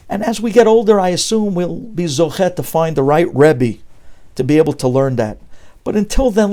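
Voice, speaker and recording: A man's voice: mid-range voice, dark tone. A man giving a Torah sermon as a rabbi, preaching emphatically with rhetorical questions and mixing Hebrew terms into English.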